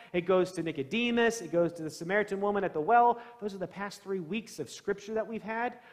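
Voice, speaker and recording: Animated preacher with high church echo. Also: male voice. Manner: animated storytelling, voicing the gospel characters with sudden loud bursts; conversational, plain-spoken preaching. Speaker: pastor. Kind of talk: sermon. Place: church sanctuary.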